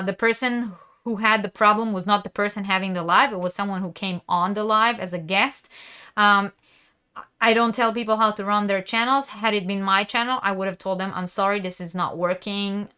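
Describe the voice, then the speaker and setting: A woman's voice: mid-range voice, moderate pace, bright, forceful tone, clear, resonant tone. A woman hosting a crafting live stream, chatting casually and reading viewer comments aloud. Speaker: crochet channel host.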